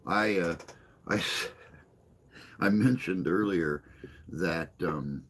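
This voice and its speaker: A man hosts a relaxed morning live stream and talks straight to his viewers. His voice sits very deep and low, and he takes his time, drifting from one joke to the next while he answers their messages. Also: slow pace, breathy edge. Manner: rambling, joking, reads and answers chat. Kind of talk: casual chat with live chat viewers.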